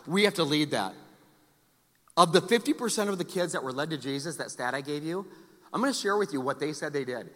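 A man preaching a sermon as pastor, emphatic and animated, with joking asides. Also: high-pitched. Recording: long church hall reverb.

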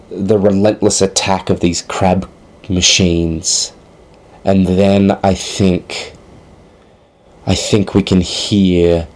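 Man, low-pitched and unhurried, improvising a tabletop game scene, halting and full of fillers. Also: gravelly. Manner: hesitant, thinking aloud with many fillers.

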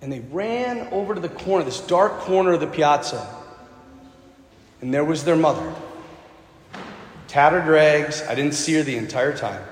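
A man's voice: fairly high pitch, normal speed, pauses often, roomy sound, long reverb tail. A man giving a storytelling sermon to an audience, acting out the quotes as he goes. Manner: animated, acts out quotes. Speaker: speaker.

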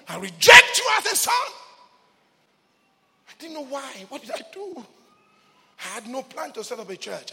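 A man preaching a sermon as pastor in a church, swinging from hushed lines to shouts and repeating key words. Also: very high voice, long reverb tail.

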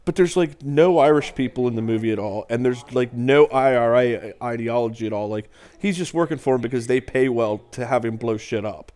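A man's voice: medium pitch, fairly quick, few pauses, a little mellow. Guy hosting a podcast, chatty, keeps laughing while he retells scenes. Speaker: podcast host. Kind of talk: casual chat.

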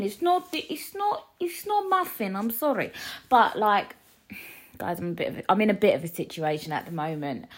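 A young woman hosting her own podcast from a living room, rambling casually with many restarts and a lingering cough. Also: mid-range voice. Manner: chatty, rambling, self-deprecating, lots of fillers and restarts. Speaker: podcast host. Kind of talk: casual solo podcast chat.

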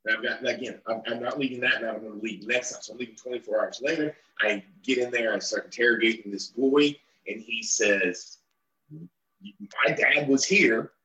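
A man's voice: lowish voice, steady tone, a little fast, hardly any pauses, sharp tone, reverberant, low-quality recording. A middle-aged man, a guest in an interview, telling a long story and acting out the people he quotes.

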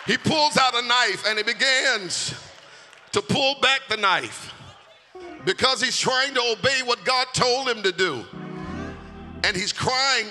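A man preaching a sermon in a church, shouting and half-singing his lines and leading the crowd in call-and-response. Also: very high-pitched. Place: church sanctuary. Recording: music and long hall reverb.

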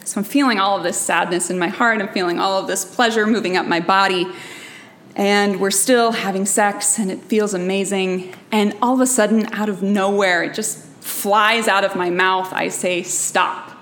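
A woman's voice: medium pitch, fairly even intonation, moderate pace, fairly bright tone. A young adult woman telling an intimate personal story on stage, emotional and reflective. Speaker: storyteller and guest.

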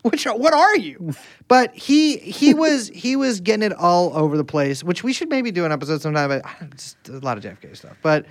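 A male podcast co-host who rambles crudely, joking and breaking off mid-thought. His pitch swings widely with animated energy, and the recording is dry and close with no room sound. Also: brisk, no echo. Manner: rambling, crude, jokey, trails off and restarts. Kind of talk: casual podcast chat.

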